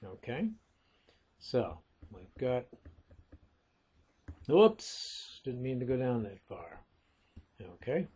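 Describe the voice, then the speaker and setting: A man teaching literature in a recorded lecture, explaining things deliberately and calling his listeners folks. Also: mid-range voice, expressive, dark tone, breathy edge.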